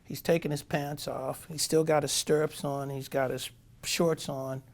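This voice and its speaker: Gravelly man in his sixties telling a story. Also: a little high, little pitch movement, measured pace. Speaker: guest, former pitcher. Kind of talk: storytelling anecdote.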